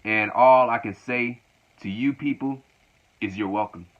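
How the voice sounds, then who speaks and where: Man putting on a defiant wrestler, boastful and loud, a bit higher than his own voice, dull lo-fi sound. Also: unhurried, natural voice. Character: defiant, proud adult male wrestler. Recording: dull lo-fi recording.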